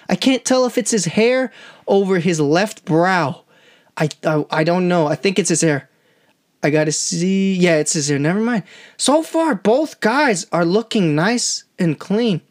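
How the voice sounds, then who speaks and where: A woman giving amateur live reaction commentary on a boxing match, excitable and slangy, often talking straight to the fighters. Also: medium pitch. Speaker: channel host, amateur commentator.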